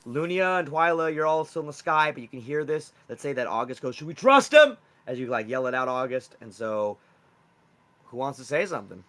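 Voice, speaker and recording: Bright-voiced young male game master. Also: medium pitch, brisk. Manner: loose, rambling explanations with fillers. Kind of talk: narrating a tabletop game.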